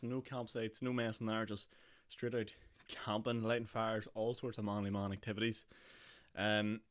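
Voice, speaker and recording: A young podcast host from Northern Ireland chats casually on his solo show in a hoarse, mid-range voice. He's chatty and jokey, laughing often and using lots of fillers.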